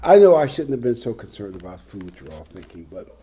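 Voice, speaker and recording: A man's voice: mid-range voice, very animated, fairly quick, mellow, husky. An older man preaching a sermon, reading scripture and adding conversational, humorous asides. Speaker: pastor.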